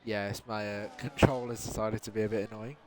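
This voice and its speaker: Male play-by-play caller, lowish voice, quick to call moves. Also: level tone. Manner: calls overtakes as they happen, apologetic. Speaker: race commentator. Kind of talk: sim racing play-by-play.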